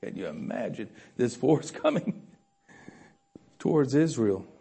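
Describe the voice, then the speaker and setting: Man preaching, animated delivery, loud bursts and quiet asides, chuckling, church room. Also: mid-range voice, a little slow, vocal fry, slightly rough. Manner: animated, swings from loud emphasis to soft asides, chuckles often. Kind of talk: sermon.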